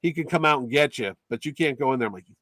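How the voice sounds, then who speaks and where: A man from Connecticut hosting a casual chat, telling a story in a lively way and acting out the voices of others. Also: medium pitch, racing, no echo. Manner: animated, acts out quotes in put-on voices. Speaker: podcast host.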